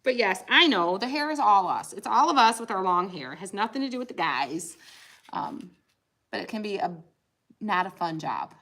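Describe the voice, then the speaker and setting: A woman's voice: mid-range voice, lively intonation, moderate pace, fairly bright tone. A woman chatting casually on a craft livestream, giggly and talkative, saying "y'all" often. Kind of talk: casual livestream chat while painting. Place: home craft room.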